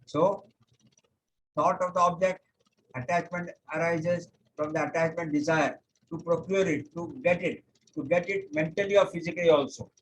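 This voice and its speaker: A man teaching a yoga class over a video call, explaining step by step, pausing on "okay", and chanting scripture verses slowly. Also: on the high side, fairly even intonation, a little hiss or hum, low-quality recording. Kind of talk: online lecture.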